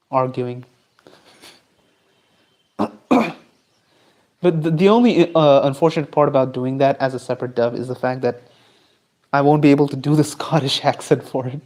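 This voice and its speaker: A man's voice: medium pitch, fairly even intonation, normal speed, pauses often, a little mellow. A man streaming live, chatting casually and rambling as he answers his chat while he draws. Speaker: streamer and artist.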